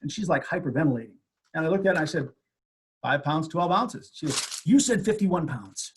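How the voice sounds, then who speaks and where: A man in his sixties, a radio host, telling lively stories from his career in an interview. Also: on the high side, fairly quick, slight background noise. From USA. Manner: animated anecdote teller. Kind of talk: storytelling interview.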